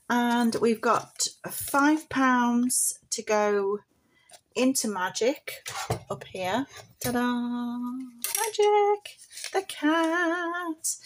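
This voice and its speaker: A woman's voice: on the high side, a little hiss or hum. A woman chatting homely and casually to viewers on a budgeting vlog. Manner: chatty, homely, affectionate terms like bab and chick. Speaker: budgeting vlogger.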